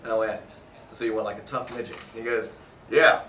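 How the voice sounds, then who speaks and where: A man, a voice actor, telling stories casually in a convention press interview, animated and often laughing. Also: on the low side, fast talker, a little hiss or hum. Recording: roomy echo, mic at a distance.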